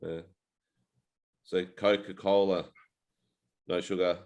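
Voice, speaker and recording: An Australian man in his forties with a very low voice chats casually as a co-host. He rambles through stories in a laid-back way and swears freely. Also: flat delivery, slow, darkish tone. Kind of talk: casual chat.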